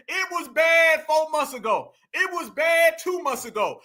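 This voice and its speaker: A man's voice: extremely high pitch, lively intonation, unhurried, few pauses, sharp tone. A man hosting a commentary video, preaching his points emphatically and repeating them for effect. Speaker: commentary channel host.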